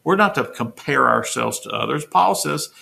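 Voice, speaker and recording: A man's voice: medium pitch, expressive, normal speed, creaky, bright, forceful tone. A man, a pastor, teaching a Bible study sermon in an earnest, emphatic way, restating his points to the listeners.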